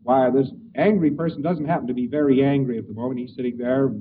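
A man's voice: mid-range voice, fairly even intonation, quick pace. A man giving a conversational lecture with hesitations and acted examples, recorded on an old tape. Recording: old tinny distant tape with hiss.

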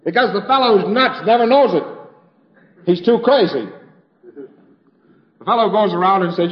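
A man's voice: sits high, expressive, normal speed, pauses often, dull audio. A man giving an informal lecture in a conversational, wry storytelling manner, slipping into quoted voices.

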